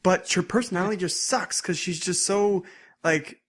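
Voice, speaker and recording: A young man recaps episodes for his podcast in a loose, rambling way. His voice sits a little high, and he talks casually and animatedly. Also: normal speed. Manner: rambling, animated, acts out scenes in bursts. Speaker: podcast co-host.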